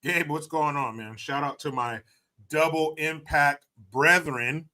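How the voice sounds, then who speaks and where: A man's voice: fairly high pitch, unhurried, heavy background noise. A man hosting a livestream who reads out viewer messages and banters in a joking, profane, laid-back way. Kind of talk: casual chat.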